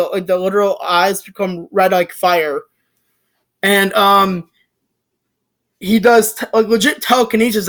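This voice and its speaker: A young adult recapping a film in a casual, excited, rambling way, with frequent swearing, restarts and filler words. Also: medium pitch. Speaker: movie reviewer. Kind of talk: casual spoken movie recap.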